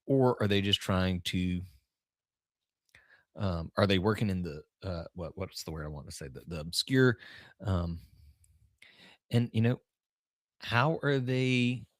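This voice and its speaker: Lowish-voiced male coach, dry close sound. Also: a little slow, long pauses, no room sound. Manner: rambling, with restarts and shifting emphasis. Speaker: podcast host and business coach. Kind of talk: casual coaching talk.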